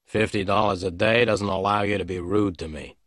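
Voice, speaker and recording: A man reading an audiobook as a hard-boiled male private detective who speaks quietly and levelly. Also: lowish voice, fairly even intonation, fairly quick, dry recording, clean studio sound, natural voice. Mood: calm.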